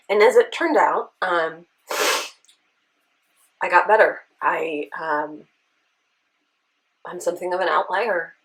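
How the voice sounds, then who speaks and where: A woman's voice: on the low side, slow pace, pauses often, low-quality recording. A woman vlogger telling an emotional personal story, earnest and sometimes near tears, often checking in with a "right?". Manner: earnest, tearful at times, with rhetorical "right?". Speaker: beauty vlogger.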